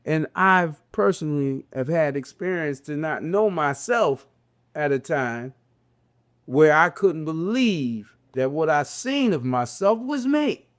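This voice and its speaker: An older man with a Southern US drawl, giving a slow, conversational religious reflection with drawn-out, repeating phrases. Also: fairly high pitch, animated. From American South, raised in a city. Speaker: religious teacher.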